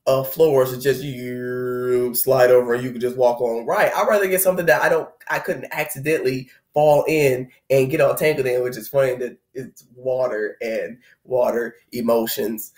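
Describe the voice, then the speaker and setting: Gravelly man musing in an echoey room. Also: on the high side, a little mellow. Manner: rambling, conversational, reflective. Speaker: spiritual vlogger. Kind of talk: casual spiritual talk.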